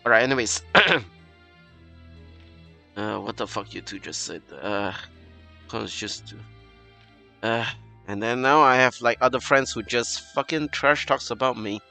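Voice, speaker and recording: A man's voice: mid-range voice, unhurried, pauses often, bright, forceful tone, soft background music. A man streaming a game, rambling in a casual chat with many fillers, frustrated and swearing.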